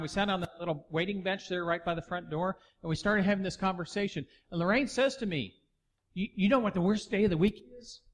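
A middle-aged pastor preaching a sermon, telling a story and acting out the dialogue before building to emphatic preaching. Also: male voice, high-pitched, a bit bright.

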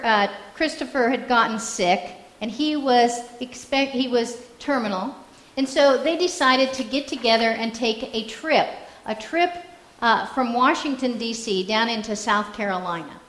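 A woman pastor delivering a sermon, pitched a little high and speaking in an earnest, reflective storytelling way. Her voice rings out in an echoey church room. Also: fairly bright tone.

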